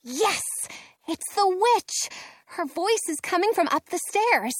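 A woman narrating a children's storybook in first person, expressive with playful asides. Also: very high voice, slow pace, no echo, studio quality. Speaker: audiobook reader.

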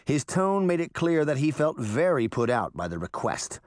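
A man narrating a children's storybook in an expressive reading voice. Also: on the high side, normal speed, no room sound, studio quality. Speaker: audiobook narrator.

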